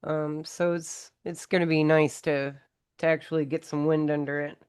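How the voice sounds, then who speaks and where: A woman hosting a casual livestream chat from home, talking in an unhurried, thoughtful way. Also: deep voice, level tone, darkish tone, clear, resonant tone, no echo, studio quality. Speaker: host of a live stream.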